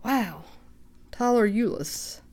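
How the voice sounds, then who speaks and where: A woman hosting a card break, calmly reading out player names and getting excited at good pulls. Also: fairly high pitch. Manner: unhurried, reads names aloud, bursts of excitement. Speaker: card shop host opening packs. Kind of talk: casual card-breaking commentary.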